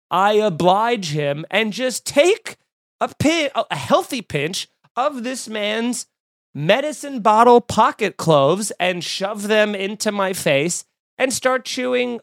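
A man's voice: sits high, no echo, studio quality. Exasperated man telling a comic story. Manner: animated, exasperated, lots of fillers and restarts. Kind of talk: casual comedic storytelling.

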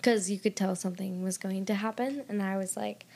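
A woman's voice: mid-range voice, steady tone, a little fast, gravelly, darkish tone, slight background noise. A woman co-hosting a book podcast in casual chat, gushing and dramatic, with lots of "like". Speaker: podcast co-host.

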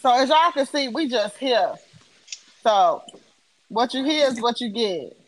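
A woman hosting a casual podcast, keeping things lively and laughing easily. Her voice sits a little high. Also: a little slow, rough recording. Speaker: host.

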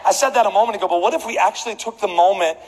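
A man preaching a sermon, telling a comedic story with animated delivery. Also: high voice, rapid-fire. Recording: echoey hall with faint background noise.

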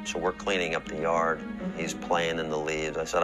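A father in an interview, calmly recounting a conversation with his son. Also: a bass voice, brisk, hardly any pauses, soft background music, rough recording.

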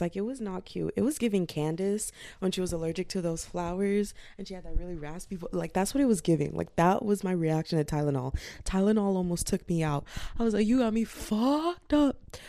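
Gravelly low-voiced young woman chatting. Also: dark tone, no room sound. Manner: loose, profane, acts out voices in quotes. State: fatigued. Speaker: podcast host. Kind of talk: casual chatty podcast monologue. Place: lying in bed indoors.

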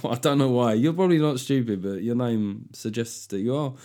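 A man's voice: mid-range voice, a little fast, hardly any pauses, mellow. A middle-aged man hosting his own solo podcast, chatting casually and comically, swearing freely and slipping into voices for a joke. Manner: sweary, jokey, throws in voices for effect. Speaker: podcast host.

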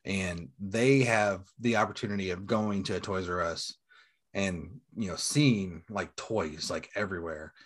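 A man's voice: low-pitched, unhurried, slightly rough. A man in his forties, a toy collector and seller, telling rambling, profane stories in casual chat. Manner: rambling, profane, animated storytelling.

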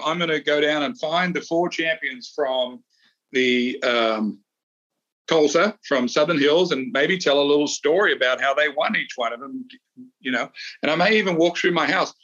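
A man's voice: a little high, moderate pace, a bit bright, lo-fi sound. A middle-aged man, a podcast co-host, chatting casually and rambling through stories with restarts. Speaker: podcast co-host, former golf champion. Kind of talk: casual chat.

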